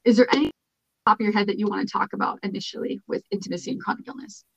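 A woman's voice: medium pitch, steady tone, rapid-fire, vocal fry. A woman hosting a podcast, earnest and emotional as she talks with her guest. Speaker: podcast host. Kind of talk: supportive interview talk. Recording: dull, dry lo-fi mic.

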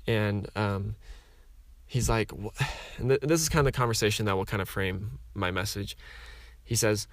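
A man's voice: fairly low pitch, normal speed, no room sound. Man telling his story, lots of "like"s. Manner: rambling, filler-heavy, acts out dialogue. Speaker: speaker sharing a personal story. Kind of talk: casual storytelling talk.

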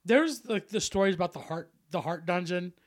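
A man co-hosting a podcast, excitable and profane in casual chat, laughing often. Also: sits high, moderate pace. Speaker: podcast co-host.

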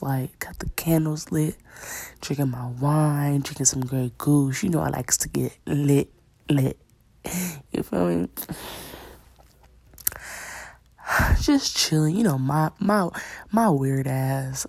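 A woman's voice: deep voice, expressive, unhurried, creaky, mellow, breathy edge, no room sound. A young woman casually telling a personal story, slangy and blunt, often dropping to a whisper. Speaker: storyteller vlogger.

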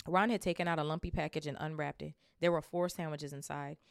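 A young woman reads a novel aloud for her book club podcast and keeps drifting into chatty asides, swearing casually as she goes. Her voice is deep and full of vocal fry. The recording is close and dry. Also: fairly even intonation, fast talker, hardly any pauses, no echo.

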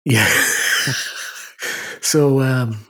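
A man's voice: mid-range voice, bright, forceful tone. A man with a northern English accent, telling stories in casual chat as podcast co-host. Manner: rambling storyteller, quick to laugh.

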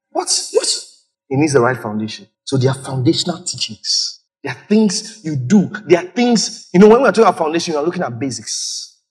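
A man preaching a lively sermon as pastor, acting out church members with sudden high shouts. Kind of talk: lively sermon with acted-out stories.

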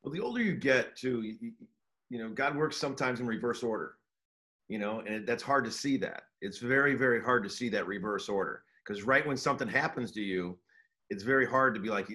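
Middle-aged male coach, earnest, conversational, mid-pitched, stumbles and repeats himself as he talks. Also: lively intonation, fairly quick, pushed and bright. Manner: earnest, repeats words and restarts often. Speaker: college basketball coach. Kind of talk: casual interview talk.

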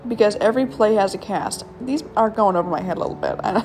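A woman's voice: mid-range voice, fast, darkish tone, soft background music. A woman hosting a casual solo podcast, reading jokes aloud with frequent giggles and stumbling over the punchlines. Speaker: podcast host.

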